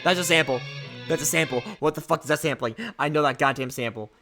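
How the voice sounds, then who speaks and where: A man's voice: a little high, quick pace, over music. A man giving casual, rambling reaction commentary on an album, repeating himself and swearing freely. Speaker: album reviewer.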